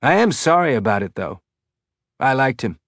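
A man's voice: medium pitch, big pitch swings, normal speed, fairly bright tone, no room sound, clean studio sound. A man voicing a wry alien machine that talks in a tinny voice with a Belter accent. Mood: dry. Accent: Belter (The Expanse). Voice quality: tinny, laconic drawl.

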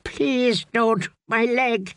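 A man doing a high, anxious male fool. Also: sing-song, a little slow, creaky, fairly bright tone, no room sound, clean studio sound, heavily acted. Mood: pleading. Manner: calling out, whimpering. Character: frightened male fool, a hapless guide.

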